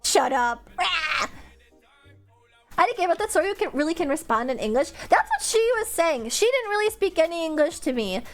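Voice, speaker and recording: Animated high-voiced young woman streamer. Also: quick pace, few pauses. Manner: animated, laughing, swooping pitch, many fillers. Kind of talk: casual stream chat. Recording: faint music behind.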